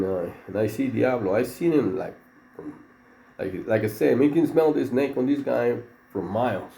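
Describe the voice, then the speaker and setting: Guy, middle-aged, dark mellow voice, rambling prison stories w lots of "you know man", faint hum behind. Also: lowish voice, creaky. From Mexico. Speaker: former prison inmate. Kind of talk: casual storytelling. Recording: roomy echo with faint background noise.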